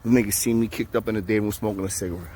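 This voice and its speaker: Rapid-fire and on the low side, a man's voice tells a jail story to camera in profane street slang. He's animated and voices the people he quotes. A slight hiss or hum is audible.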